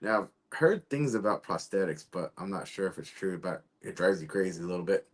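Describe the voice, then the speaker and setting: A low-pitched man talks casually about auditions and acting roles. He sounds easygoing and chuckles along with his guest. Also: brisk. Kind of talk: casual interview chat.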